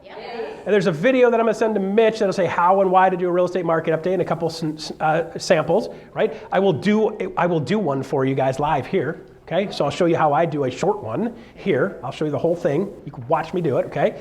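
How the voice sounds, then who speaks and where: A high-voiced man coaching a live seminar room in a joking, animated way. He slips into quick impressions of clients and his wife as he explains his steps. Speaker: real estate coach.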